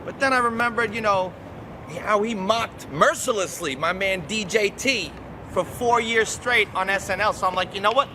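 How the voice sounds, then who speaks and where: High, animated male storyteller, street traffic noise behind him. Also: normal speed. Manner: animated storyteller, acts out shrill quotes. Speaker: prankster telling a story.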